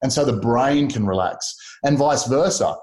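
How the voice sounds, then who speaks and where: A man, chatting as a podcast guest and telling lively stories. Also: mid-range voice, moderate pace. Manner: animated storyteller who acts out quoted voices. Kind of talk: casual conversation. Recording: roomy echo.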